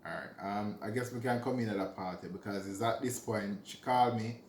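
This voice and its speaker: Jamaican guy, lowish voice, laid back banter, room echo. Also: fairly quick, a little hiss or hum. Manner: easygoing banter, lively when quoting people. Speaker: vlogger. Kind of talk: casual chat.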